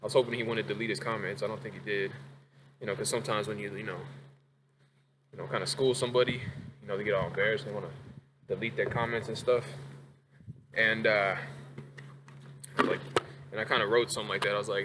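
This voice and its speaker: A man's voice: fairly low pitch, fairly even intonation, quick pace, long pauses, noisy background. Heated, profane man ranting at home. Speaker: vlogger. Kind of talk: casual rant to camera. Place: home kitchen.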